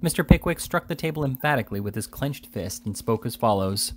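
A man reading a classic novel aloud in a steady, measured storytelling manner. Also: medium pitch. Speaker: reader. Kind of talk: audiobook narration of a classic novel.

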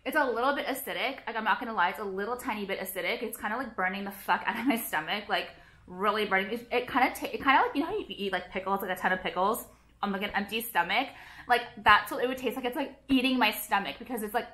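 A beauty vlogger speaks to camera from home with a medium-pitched, sharp-toned voice. Her casual chat turns into a quick, profane, dramatic rant packed with "like."

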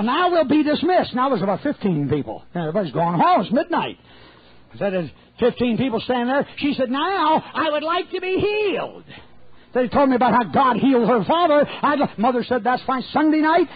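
A man's voice: very high-pitched, dry recording. A man preaching a sermon, telling a folksy, humorous story and acting out the voices of its people. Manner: folksy, humorous anecdotes with animated quoted voices. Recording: tinny phone-like, dry, husky.

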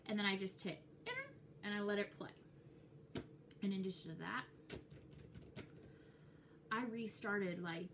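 A young woman with a Texas accent, chatting casually and excitedly to her viewers as a cross-stitch vlogger. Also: on the high side, slight background noise. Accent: Texan. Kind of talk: casual chat to camera.

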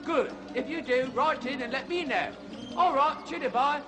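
A man's voice: extremely high pitch, normal speed, music in the background. A man playing a zany zoo-show host who lectures about animals in a folksy way. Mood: chirpy lecture. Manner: folksy lecturing, "you see", "mate".

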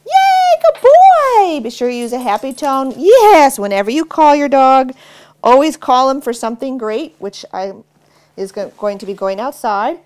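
A middle-aged woman dog trainer explaining basic commands in a relaxed, instructional way while working with a dog. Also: moderate pace, a little hiss or hum. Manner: relaxed explaining, cheerful high praise to the dog. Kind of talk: instructional demonstration.

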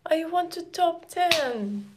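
Slow-talking high-voiced woman streamer. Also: expressive, background noise. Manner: simple non-native English, thanking and greeting viewers. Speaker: live streamer. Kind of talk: casual live-stream chat with viewers.

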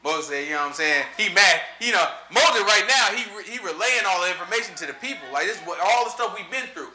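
Fast, animated male Bible teacher. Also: high voice, reverberant. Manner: animated, slangy, repeats "you know what I'm saying". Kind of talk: casual Bible study commentary.

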